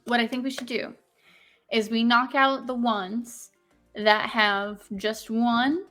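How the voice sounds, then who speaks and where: A woman's voice: on the high side, fairly even intonation, slow pace, a bit bright, faint music behind. A young woman co-hosting a casual live stream, rambling and swearing as she tallies votes. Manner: rambling, swearing, tallying aloud. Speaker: podcast co-host.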